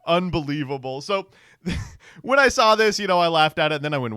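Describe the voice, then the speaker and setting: A man riffs sarcastically through online posts on a stream, laughing often and reading lines aloud. His pitch swings widely and his voice sounds smooth and resonant. The sound is close and dry. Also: lively intonation, a little fast, pushed and bright, dry recording. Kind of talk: casual stream commentary.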